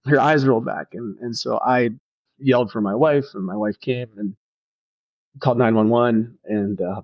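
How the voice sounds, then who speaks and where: A man's voice: mid-range voice, normal speed, dry recording. Earnest male pastor telling a story. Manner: earnest, reflective, many restarts. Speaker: pastor, podcast guest. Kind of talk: personal storytelling in a podcast conversation. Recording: dull, slightly lo-fi, dry sound.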